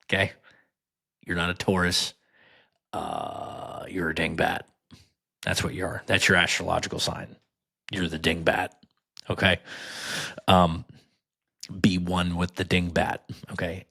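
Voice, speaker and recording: Sarcastic low-voiced podcast host. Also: male voice, expressive, measured pace, creaky, long pauses, pushed and bright, breathy edge. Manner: mocking, riffing, asides. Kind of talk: casual sarcastic commentary.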